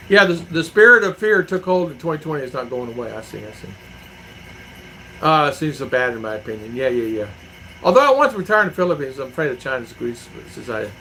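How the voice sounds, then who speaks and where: A man's voice: mid-range voice, bright, forceful tone, a little hiss or hum, poor audio. A middle-aged man from the United States chatting casually on a livestream, rambling and repeating himself as he tells folksy stories and answers viewer comments at home. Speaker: vlogger reading viewer comments.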